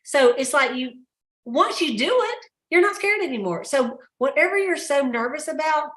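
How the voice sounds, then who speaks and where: A woman's voice: sits high, expressive, moderate pace, fairly bright tone. A woman hosting a sales team call, telling stories in a chatty way and laughing often. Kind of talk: casual pep talk.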